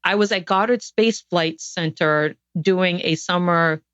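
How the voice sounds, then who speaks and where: A woman's voice: on the low side, a little slow, fairly bright tone, clear, resonant tone, dry recording. Earnest woman guest, dull dry sound. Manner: earnest, reflective storytelling with frequent restarts. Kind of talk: podcast interview storytelling.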